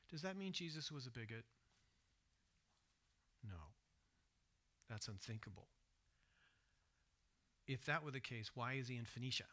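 A man preaching a sermon in church, swinging between hushed, soft retelling and loud, emphatic asides, and asking his listeners direct questions. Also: medium pitch. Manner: asks the congregation direct questions. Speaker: pastor. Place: church sanctuary.

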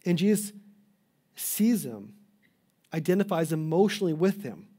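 A man's voice: on the high side, sing-song, normal speed, dark tone, husky. A man preaching a sermon as a pastor, earnest and pleading, often restarting mid-phrase. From Canada.

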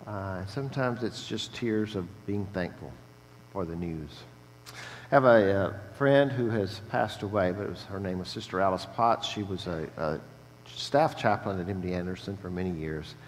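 A man's voice: low-pitched, normal speed. Older man preaching earnestly in a reverberant church. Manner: earnest, storytelling, frequent "uh" fillers and restarts. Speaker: guest preacher, chaplaincy director. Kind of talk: conversational sermon. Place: church sanctuary. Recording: long church reverb, faint hum.

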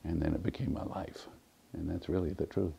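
A man's voice: deep voice, steady tone, a little fast, gravelly, mellow, husky. A man in his seventies, an almanac editor, telling folksy anecdotes in a documentary interview, with plenty of fillers. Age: 70s.

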